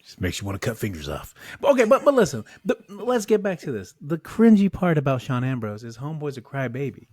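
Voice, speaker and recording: A man's voice: medium pitch, big pitch swings, fast, hardly any pauses, darkish tone, husky, no room sound. Laid-back male co-host, slangy and playful, dry close-up sound. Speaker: podcast co-host. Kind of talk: casual movie discussion.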